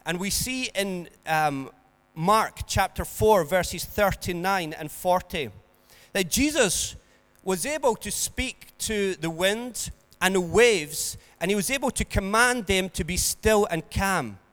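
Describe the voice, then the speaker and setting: Male preacher, earnest sermon delivery, unhurried, reverberant hall sound. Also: high-pitched, animated. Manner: earnest, builds to emphatic peaks then drops soft.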